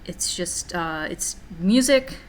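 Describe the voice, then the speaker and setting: A woman's voice: fairly low pitch, animated, slow pace, a little hiss or hum. A woman streamer giving casual, chatty gameplay commentary, thinking aloud and joking at her own expense. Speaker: game streamer.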